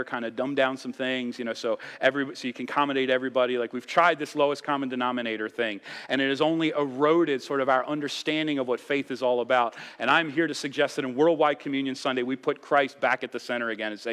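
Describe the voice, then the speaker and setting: A man preaches in a medium-pitched voice, swelling on key phrases and sinking low on others. The sound carries a long echo through a church sanctuary. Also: steady tone, fast, hardly any pauses, a bit bright. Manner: impassioned preaching, rising and dropping for emphasis. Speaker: pastor. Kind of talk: sermon.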